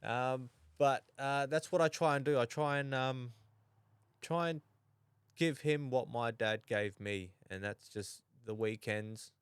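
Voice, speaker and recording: A young Australian man chatting casually as a podcast guest, halting and full of restarts. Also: medium pitch, clear, resonant tone, no room sound. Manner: halting, many restarts and fillers. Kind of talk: casual chat.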